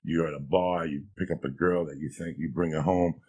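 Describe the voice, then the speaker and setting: A man with a New York accent telling raunchy comic stories, profane and animated, often acting out other people's voices. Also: extremely low pitch, a little fast, slight background noise. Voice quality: gravelly, husky. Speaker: podcast guest storyteller.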